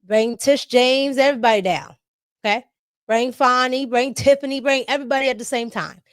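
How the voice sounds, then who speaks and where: A woman hosting a casual political commentary vlog, talking in an animated way with frequent laughter and emphatic tag questions. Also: high voice, moderate pace, clean tone, no room sound, clean studio sound. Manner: animated, laughing often, emphatic "okay?" tags.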